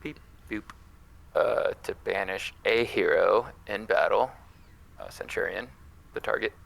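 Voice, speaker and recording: A man's voice: lowish voice, unhurried, creaky, fairly bright tone, rough recording. A man playing a card game opponent, easygoing, reading card text aloud and musing over his choices. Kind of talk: casual gameplay chat.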